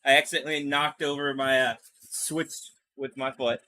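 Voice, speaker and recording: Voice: mid-range voice, level tone, normal speed, pushed and bright. A chatty, giggly game streamer joking while playing a courtroom game aloud. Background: game music.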